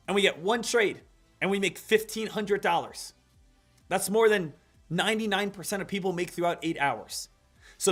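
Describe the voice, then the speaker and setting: With a high, fairly bright voice, a man hosts a live day-trading stream. He gives market commentary and coaches viewers in an upbeat, repetitive hype style.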